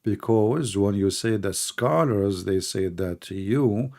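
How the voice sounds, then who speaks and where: Middle-aged man, host in a heated live debate, quick and sarcastic, deep mellow voice. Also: gravelly. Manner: fast, mocking, sarcastic.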